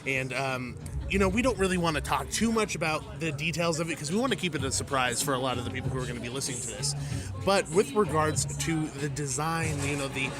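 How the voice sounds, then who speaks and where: A man's voice: on the high side, fast talker, music in the background. A man hosting a podcast, chatting enthusiastically and interviewing a guest. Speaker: podcast host.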